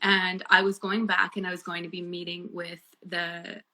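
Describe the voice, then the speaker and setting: Bright-voiced woman telling her story. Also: on the low side, normal speed, a little hiss or hum. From Canada. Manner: earnest, animated, many fillers. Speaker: guest, bereaved mother and author. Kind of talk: casual storytelling chat.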